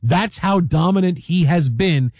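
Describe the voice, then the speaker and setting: A man hosting a casual sports talk show, animated and joking, often repeating words. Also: high-pitched, unhurried, husky, no room sound.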